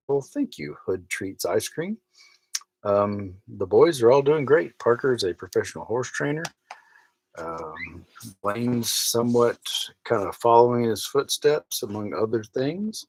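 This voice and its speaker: A man's voice: mid-range voice, lively intonation, measured pace, dry recording, poor audio. A man, chatting casually from a tiny sailboat cabin and reading viewer comments aloud with wry mock outrage. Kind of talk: casual live-stream chat. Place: small cabin of a sailboat at night.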